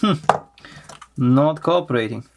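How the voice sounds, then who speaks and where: A man with a delivery talks slowly through a hands-on electronics teardown. His voice sits at a middle pitch, and he muses aloud with plenty of fillers and restarts. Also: expressive, background noise. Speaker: electronics teardown channel host. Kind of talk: casual hands-on teardown commentary.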